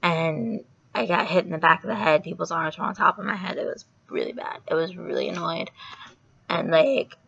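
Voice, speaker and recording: A woman's voice: lowish voice, normal speed, creaky, breathy edge. A young woman vlogger casually retelling a story in a chatty, rambling way, with a sore throat. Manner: chatty, filler-heavy, animated retelling. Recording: dull lo-fi recording.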